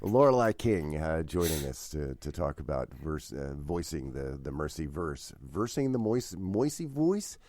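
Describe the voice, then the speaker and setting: Deep-voiced halting podcast host man. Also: sing-song, a little mellow, no echo. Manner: halting, rambling with many fillers. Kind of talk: casual podcast chat.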